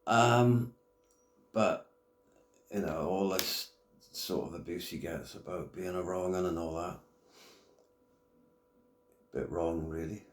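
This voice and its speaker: A middle-aged man holding forth in a blunt, foul-mouthed rant, his voice sitting fairly low. The sound bounces around an echoey room. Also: fairly even intonation, takes it slowly, pauses often. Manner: blunt, heavy swearing, blokey slang. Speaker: YouTube commentator. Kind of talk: casual rant to camera.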